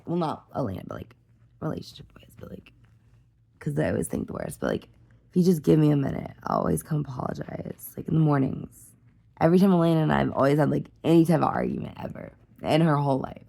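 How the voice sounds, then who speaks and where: A woman in her thirties talks fast and animatedly in a low, dark voice with vocal fry. In her casual personal vlog she rambles, keeps restarting, says "like" and "you know" a lot, and becomes emotional readily.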